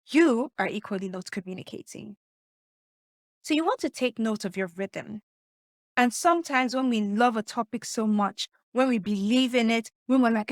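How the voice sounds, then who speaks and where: A woman's voice: fairly high pitch, lively intonation, normal speed, no room sound, clean studio sound. A woman giving an instructional talk as a communication coach, emphatic and shifting her pace to make her points. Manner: emphatic, varies pace to demonstrate.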